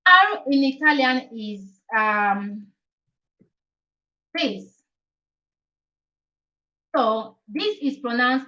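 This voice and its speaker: A woman with a slightly high voice teaches the alphabet in a relaxed live stream. She repeats each letter and keeps asking "okay?". Her voice sounds set back from the mic, with a dull, muffled sound. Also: drawn-out words, pauses often, distant mic. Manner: chatty, repeats letters, asks "okay?" often. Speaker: Italian teacher.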